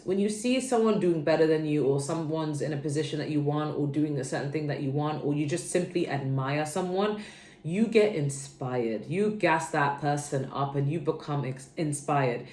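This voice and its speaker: A woman's voice: deep voice, normal speed, a little mellow. A young woman giving a casual, chatty tarot reading to her viewers, rambling and checking in with "okay" often. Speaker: tarot reader. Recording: roomy echo.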